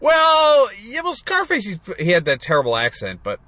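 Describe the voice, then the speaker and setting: A man's voice: high voice, wildly swooping pitch, normal speed, crowd noise. A man in casual chat, rambling about old movies and acting out lines.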